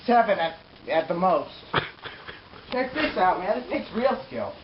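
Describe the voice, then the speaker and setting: Brief: a man as a swaggering pro scooter rider, higher voice, lively pitch, crude boasts, dull lo-fi home recording. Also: unhurried, very noisy. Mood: boasting. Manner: brash, crude, rambling bragging. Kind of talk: mock interview comedy sketch.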